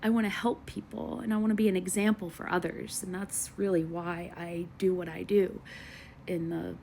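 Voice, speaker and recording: An American woman in her thirties venting earnestly to her viewers in a personal vlog, halting and emotional. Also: fairly low pitch, fairly even intonation, gravelly, mellow, slight background noise. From United States. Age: 30s. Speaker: vlogger.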